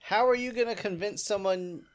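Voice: medium pitch, moderate pace. A podcast co-host tossing out joking asides in casual banter. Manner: joking asides and mock quotes.

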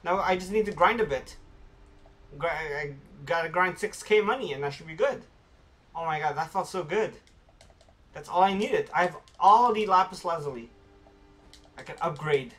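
A man streaming a video game, talking casually to his viewers and reacting excitedly as he plays. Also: fairly high pitch, normal speed, pauses often. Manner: excitable, talks to viewers while playing. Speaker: gaming streamer. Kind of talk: casual let's-play commentary.

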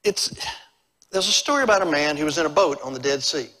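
A middle-aged evangelist preaching at a revival, his delivery emphatic as it swings between loud bursts and quiet, intimate appeals. His voice is fairly high for a man and has a bright, forceful ring. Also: expressive, quick pace. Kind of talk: revival sermon. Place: church sanctuary.

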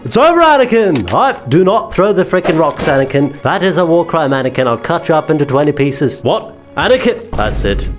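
A young man giving jokey, excitable commentary on his VR gameplay, often swearing. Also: mid-range voice. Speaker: gaming YouTuber.

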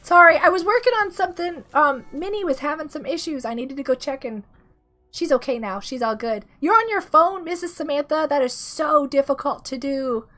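High-pitched, giggly sick woman streamer. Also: normal speed, sharp tone, soft background music. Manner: bubbly, giggly, reads chat aloud. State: sick with a cough. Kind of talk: casual live-stream chat.

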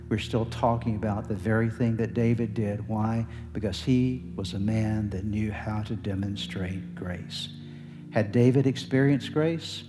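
A male pastor preaching a sermon, asking the congregation questions and answering them himself. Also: fairly low pitch. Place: church sanctuary. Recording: long hall reverb.

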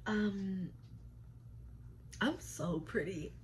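Drawing out her words, a young woman with a mid-range voice talks directly to her vlog viewers, occasionally slipping into a whisper. She records at home and in a club dressing room, with slight background noise.

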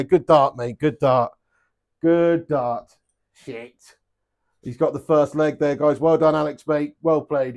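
Excitable swearing man streaming darts. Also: a little high. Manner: swears a lot, excitable outbursts, chats to viewers. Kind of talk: live stream chat while playing darts.

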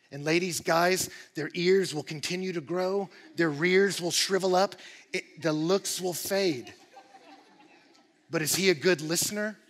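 A male pastor preaching a sermon in an animated, emphatic way, with rising bursts of energy. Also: fairly high pitch, in a large hall. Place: church auditorium.

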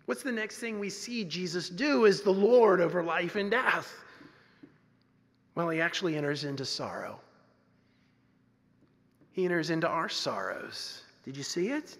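A male pastor preaching a sermon earnestly, moving between loud emphasis and hushed softness. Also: fairly high pitch. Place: church sanctuary. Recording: long reverb of a church sanctuary.

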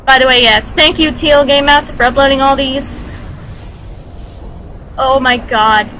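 A woman reacting to game cutscenes, gushing with excited exclamations. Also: high-pitched, unhurried, a little hiss or hum. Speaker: video game reaction channel host. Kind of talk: casual reaction commentary. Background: game music.

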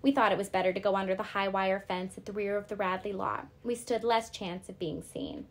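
A woman teacher reading a novel aloud to her class, steady and clear. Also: medium pitch, a little fast.

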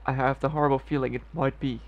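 Man voicing an alarmed young king, earnest, gravelly. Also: mid-range voice, level tone, fast talker, muffled recording, close to an everyday voice. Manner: reading game dialogue aloud. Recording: game music playing behind.

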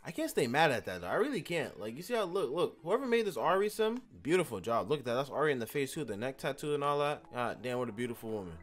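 A man's voice: medium pitch, fast, few pauses. A man hosting a casual let's-play, joking, swearing and talking back at the characters on screen. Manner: animated, joking, profane, talks to the game characters. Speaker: gaming channel host.

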